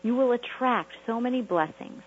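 A woman's voice: on the high side, animated, normal speed, muffled recording, a little hiss or hum. A woman preaching a motivational sermon to a group call, emphatic and repetitive, full of rhetorical questions. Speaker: prosperity preacher.

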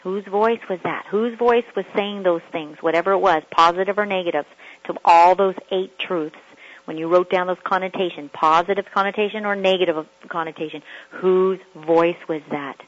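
A woman's voice: fairly low pitch, steady tone, normal speed, lo-fi sound. A woman working as a personal coach, giving an earnest motivational talk that repeats rhetorical questions.

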